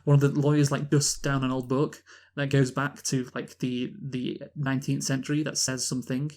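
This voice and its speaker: A man's voice: mid-range voice, flat delivery, moderate pace, a little mellow. A man from Britain in casual podcast chat about a film, rambling with many restarts and fillers. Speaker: podcast co-host, film reviewer.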